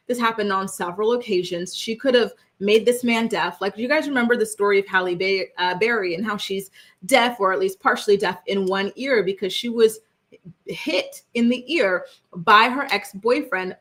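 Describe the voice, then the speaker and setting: A woman's voice: medium pitch, fairly bright tone. A young woman hosts a casual celebrity gossip livestream, talking straight to her viewers. She is chatty and emphatic and keeps asking "right?" as she reacts to chat comments.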